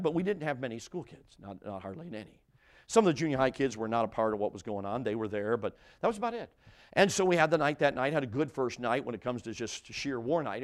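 A male preacher tells a story from the pulpit at an ordinary middle pitch. He builds to loud, emphatic lines, then drops almost to a hush, and he often repeats phrases and restarts them. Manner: dramatic, swings from loud to hushed. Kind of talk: sermon storytelling.

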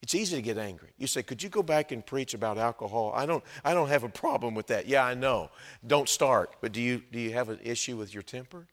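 A man preaching a sermon, swinging between quiet asides and loud, shouted emphasis. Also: medium pitch, animated, fast, in a large hall.

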